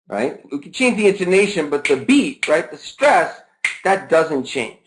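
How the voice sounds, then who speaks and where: A man's voice: a little high, very animated, measured pace, poor audio. A man presenting a live teaching webinar over a video call, who keeps asking the audience questions and then answers them himself, and who stretches words out to show stress and intonation.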